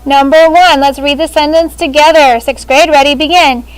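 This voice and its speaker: A high-pitched woman leads a grade-school grammar lesson, brisk and businesslike as she calls on students one by one. She speaks through a face shield in a classroom. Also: fairly even intonation, low-quality recording. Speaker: sixth grade language teacher. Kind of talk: classroom teaching.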